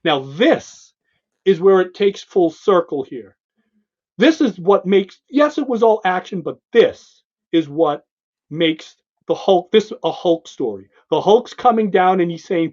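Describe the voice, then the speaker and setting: High-voiced man gushing over a comic. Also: animated, measured pace, a little mellow, dull audio. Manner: enthusiastic, retelling panels with voiced quotes. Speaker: podcast co-host. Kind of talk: casual comic book review.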